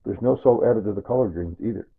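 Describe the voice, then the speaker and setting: Rambling older man with a husky voice. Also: on the low side, quick pace. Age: 60s. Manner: rambling and chatty, with asides and chuckles. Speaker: home cooking vlogger. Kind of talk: casual cooking demonstration. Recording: tinny, phone-like sound.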